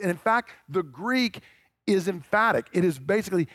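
Emphatic high-voiced male preacher. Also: expressive, normal speed, fairly bright tone, dry recording, studio quality. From American South. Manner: emphatic, repeats key points for stress. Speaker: pastor. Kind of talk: sermon.

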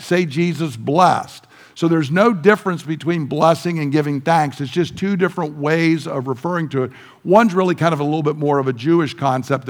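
A man teaching a sermon who explains the text step by step and briefly acts out the quoted dialogue. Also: on the high side. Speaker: pastor. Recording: long hall reverb.

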